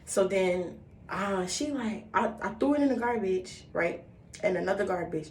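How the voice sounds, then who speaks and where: A woman's voice: medium pitch, unhurried. Woman telling a story in a roomy room. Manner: animated, profane, acts out quotes. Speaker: vlogger. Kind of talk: casual storytime. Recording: roomy, distant mic, faint background noise.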